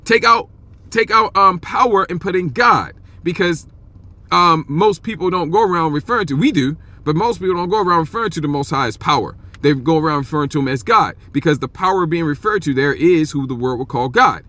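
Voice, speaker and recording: A man teaching from the Bible in an informal, emphatic way, often checking in with "okay?" and reading verses slowly and drawn out. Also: fairly high pitch, lively intonation, pushed and bright. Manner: reads scripture aloud slowly and stretched out.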